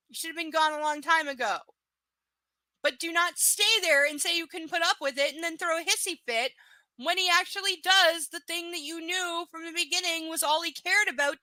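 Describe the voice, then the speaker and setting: A woman with a high, bright voice reads a book aloud live. She keeps stopping to tear into the characters with sarcastic, swear-filled rants. The recording sounds dry and close. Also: no room sound. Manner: profane, sarcastic, exasperated ranting. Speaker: host reading a novel aloud on a livestream. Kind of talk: live book reading with ranting commentary.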